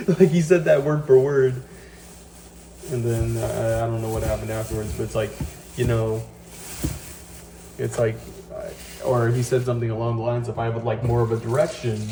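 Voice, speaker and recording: A man rants about work while he cooks, his talk full of fillers, restarts and curses. He sits some way off from a phone mic in a home kitchen. Running tap water and kitchen clatter come through clearly behind him. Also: mid-range voice, steady tone, moderate pace, long pauses, distant mic, background noise. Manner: rambling, profane, many fillers and restarts. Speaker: vlogger. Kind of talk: casual venting monologue. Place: home kitchen, cooking at the stove.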